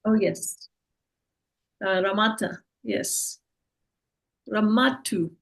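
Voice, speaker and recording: A woman giving an online talk as the speaker, relaxed and full of fillers and restarts, on a video call. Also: medium pitch, very slow, creaky, low-quality recording.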